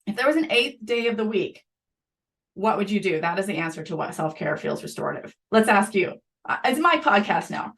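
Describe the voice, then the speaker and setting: Animated woman guest on a podcast. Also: medium pitch. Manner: animated, conversational, quick asides. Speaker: school psychologist guest. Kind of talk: podcast interview.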